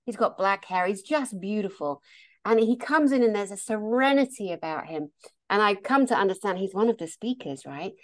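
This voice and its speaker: A woman therapist telling stories in a casual conversation, animated and laughing often. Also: mid-range voice, normal speed. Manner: animated, laughs often, acts out quoted voices. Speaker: therapist and meditation teacher.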